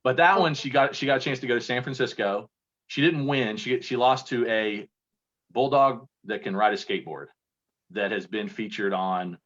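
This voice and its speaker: Over a video call with dull lo-fi sound, a contest entrant from Kentucky is interviewed. His voice is medium-pitched and fairly bright at a moderate pace, and he chats casually, telling rambling, self-deprecating stories.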